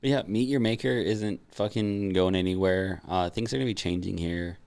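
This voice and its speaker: A man's voice: deep voice, moderate pace, gravelly, a little mellow, clear, resonant tone. A man co-hosting a podcast in loose, casual chat, swearing freely and leaning on fillers. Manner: loose and profane, frequent fillers. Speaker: podcast co-host.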